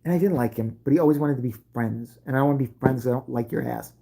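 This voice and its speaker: A woman's voice: rumbling low, racing, gravelly, mellow, husky. A middle-aged woman telling a profane comic story about her school days, brash and laughing as she goes.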